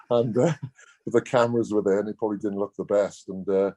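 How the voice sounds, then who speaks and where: A man's voice: fairly low pitch, fairly even intonation, brisk, dark tone. Laughing Welsh man telling rugby tales. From Wales. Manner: laughing, blunt and colloquial. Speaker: guest, former rugby player. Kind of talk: casual storytelling.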